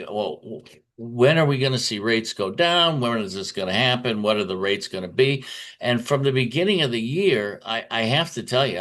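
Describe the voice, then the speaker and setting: A man's voice: on the low side, a bit bright. A man giving a conference talk on markets, telling stories in a chatty way with frequent fillers and restarts. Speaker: market commentator.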